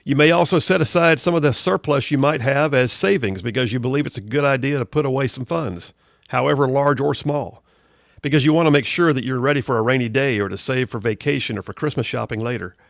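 Speaking in a mid-range, gravelly, creaky voice, a middle-aged man hosting a radio show offers a folksy studio monologue that slips from easy conversation into preachy asides. He keeps a brisk pace, and the sound is dry and close-miked with no echo or room.

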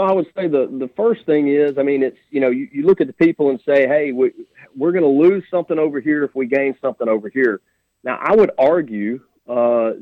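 A sheriff candidate appears as a radio guest, a blunt, plain-spoken man with a drawl and a medium-pitched voice. He's heard over a thin, tinny phone line, and the recording is bone dry with no room sound at all.

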